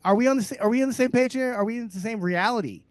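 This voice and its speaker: A man co-hosting a comedy podcast, ranting loudly and sarcastically with heavy profanity. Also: very high voice, very fast, no room sound. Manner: loud, abrasive, sarcastic. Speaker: podcast co-host.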